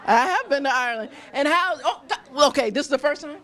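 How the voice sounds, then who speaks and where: A woman's voice: high voice, animated, quick pace, a bit bright, a faint crowd. A woman hosting a live stream from a restaurant, interviewing diners in a gushing, effusive way and laughing often. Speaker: roving host interviewing diners.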